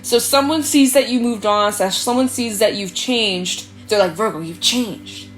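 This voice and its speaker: A woman giving a casual tarot reading, chatty and animated, swearing freely and acting out quoted voices. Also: fairly high pitch, normal speed. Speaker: tarot reader. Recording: faint background music.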